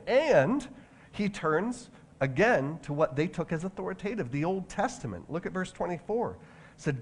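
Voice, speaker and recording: Conversational preacher man with a higher voice. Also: sing-song, normal speed. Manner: conversational, with many restarts and asides. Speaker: pastor. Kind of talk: sermon.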